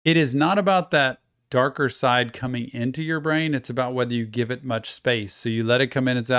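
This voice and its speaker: Male reaction host, thoughtful counselor manner, smooth voice, dry close sound. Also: mid-range voice, fairly even intonation, a little fast, few pauses, a bit bright, no room sound. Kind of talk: casual commentary.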